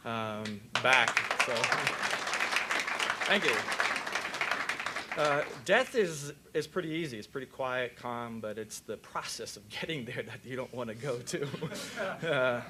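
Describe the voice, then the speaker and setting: An older man, a veterinarian, giving a joking, folksy talk at a convention and telling stories with animated voices. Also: medium pitch, takes it slowly, a loud crowd, heavy background noise. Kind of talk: conference talk with told jokes. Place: convention hall.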